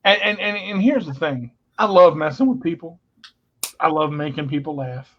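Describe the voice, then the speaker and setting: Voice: mid-range voice, normal speed. A co-host on a casual radio show who tells stories with a playful, joking manner. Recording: dull lo-fi sound.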